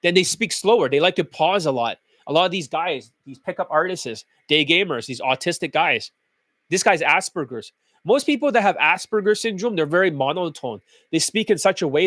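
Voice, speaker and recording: High-pitched swearing man on a rant. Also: expressive, moderate pace, fairly bright tone, no echo. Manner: blunt, mocking, heavy swearing. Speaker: dating coach host. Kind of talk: profane reaction rant.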